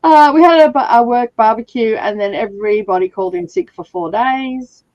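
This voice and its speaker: A woman's voice: a little high, normal speed, a little mellow, dry recording, dull audio. A woman hosting a livestream reading session, chatting casually and laughing often while nursing a sore throat. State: sore throat, slightly rough voice. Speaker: livestream reading sprint host. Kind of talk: casual chat.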